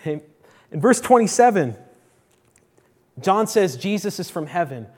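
A man preaching a sermon to a congregation in a church, emphatic, repeating key phrases and swinging between loud declarations and hushed asides. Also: high voice, very animated, measured pace, husky.

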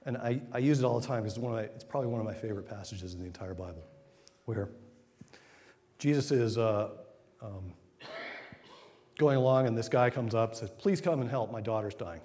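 A man giving an informal sermon, retelling scripture in a conversational way with quick acted asides. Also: medium pitch, dark tone. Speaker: preacher. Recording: long hall reverb.

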